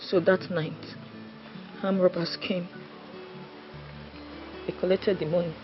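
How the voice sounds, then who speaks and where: A grieving woman, low-pitched and halting. Clear music plays under dull, muffled sound. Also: flat delivery. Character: grieving woman recounting a robbery. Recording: dull, distant audio with music.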